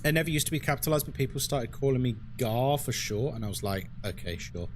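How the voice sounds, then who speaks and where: Animated, chatty male game streamer. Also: mid-range voice, fast, a little hiss or hum. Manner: chatty, ranting, swears and laughs often. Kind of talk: casual live-stream commentary.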